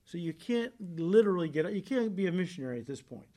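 Pastor guy preaching, kinda higher voice, chatty then punchy, goes low and soft on the serious bits. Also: big pitch swings, quick pace. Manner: conversational preaching with rising emphatic bursts; drops low and soft on solemn points. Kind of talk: sermon.

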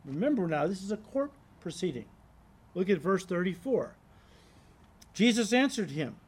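Male pastor, fairly high voice, emphatic teaching sermon that walks through scripture. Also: big pitch swings, normal speed, a little mellow, breathy edge. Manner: earnest, emphatic teaching, addresses listeners as "guys"; reads scripture aloud and explains it. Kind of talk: expository sermon.

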